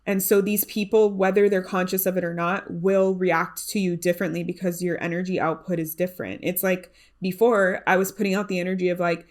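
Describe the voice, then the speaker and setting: A woman's voice: lowish voice, flat delivery, brisk, hardly any pauses. Young woman doing a solo podcast, earnest chatty tone, lots of likes and ums. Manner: earnest, conversational, many fillers and restarts. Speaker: podcast host. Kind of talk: reflective solo podcast talk.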